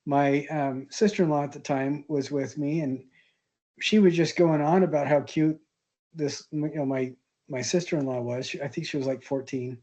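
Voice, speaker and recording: Mid-class, a male art history instructor settles into telling a casual anecdote in a warm, low voice, with steady tone and moderate pace. He's chatty and hesitant, rambling with lots of ums and restarts and laughing at his own punchlines. The setting sounds like a classroom.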